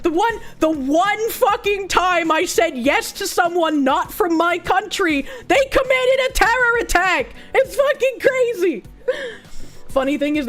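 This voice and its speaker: A high-pitched woman streamer rants bluntly with plenty of swearing and dry sarcasm. She reads news out loud and reacts to it, stopping to thank chat for subs. Soft music plays faintly behind her. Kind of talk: livestream reading and reacting to news.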